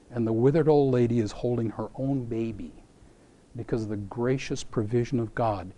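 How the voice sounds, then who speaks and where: A man's voice: mid-range voice, moderate pace, mellow, a little hiss or hum. A man preaching a sermon. He tells a scripture story with animation, acts out voices in it, and asks rhetorical questions.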